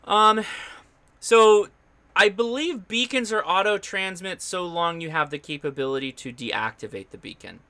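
A man's voice: high voice, moderate pace, bright, forceful tone. A man hosting a live ham radio stream, explaining his gear in a chatty, upbeat way with loose restarts. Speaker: ham radio show host. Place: home radio station.

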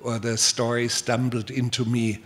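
An older man from Germany with a German accent, answering audience questions at a public talk in a measured way, full of pauses and repeated words. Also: mid-range voice, flat delivery, a bit bright, slightly rough.

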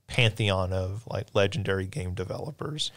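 A man hosting a games podcast in casual chat, relaxed and halting with many fillers. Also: sits low. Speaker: podcast host.

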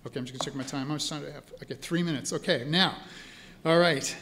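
A man's voice: on the high side, fast, a bit bright, a little hiss or hum. A man who is a priest and spiritual care teacher, telling stories to a live audience in a chatty way. He often checks in with the listeners as he talks. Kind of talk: storytelling talk to a live audience. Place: church hall event.

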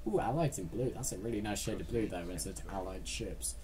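A man's voice: fairly low pitch, quick pace, background noise. A man giving casual, rambling gameplay commentary, muttering asides to himself as he plays. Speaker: let's play gamer.

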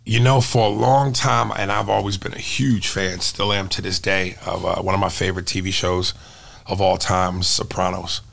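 Animated middle-aged comedian telling stories. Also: male voice, deep voice, normal speed, creaky, slight background noise. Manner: animated storyteller who drops into voices. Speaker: comedian and impressionist guest. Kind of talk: casual interview talk.

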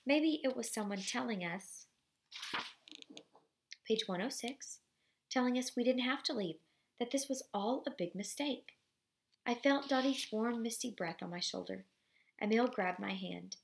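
A woman reading a novel aloud for students, steady and expressive, pausing briefly to apologize for slips. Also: on the high side, gravelly, slight background noise.

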